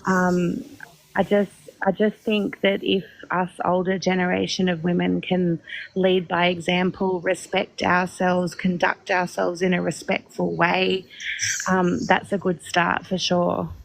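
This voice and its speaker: A middle-aged woman speaks earnestly in a low, flat, gravelly voice. She pauses and restarts now and then. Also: poor audio. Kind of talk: casual chat.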